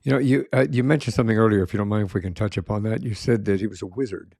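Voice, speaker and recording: A man's voice: on the low side, steady tone, racing, a little mellow, no room sound, clean studio sound. A man hosting a podcast interview, affirming his guest and asking long, winding questions. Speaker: podcast host. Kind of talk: interview conversation.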